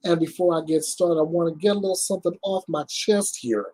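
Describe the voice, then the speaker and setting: Blunt, husky-voiced male news host. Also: fairly high pitch, fairly even intonation, warm tone. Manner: blunt, emphatic, deliberate. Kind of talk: blunt news commentary and reading.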